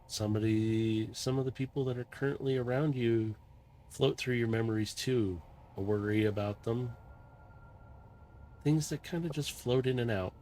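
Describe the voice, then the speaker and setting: Man, game master, calm descriptive narration, middle pitch, faint hiss. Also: normal speed.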